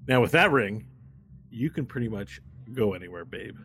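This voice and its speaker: A smarmy male schemer from a tabletop game, pitched a little low, flirting and wheedling to close a deal, as a man plays him. His talk leans in, coaxing and pleading by turns. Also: animated, normal speed, a bit bright. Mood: flirtatious. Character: smarmy sweaty adult male casino schemer.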